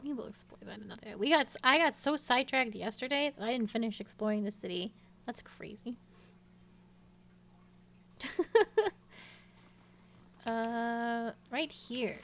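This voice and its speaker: A woman's voice: fairly high pitch, unhurried, pauses often, a bit bright, highs cut off. A woman streaming a game as a VTuber, chatting playfully and reading the game's text aloud. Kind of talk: casual gameplay commentary.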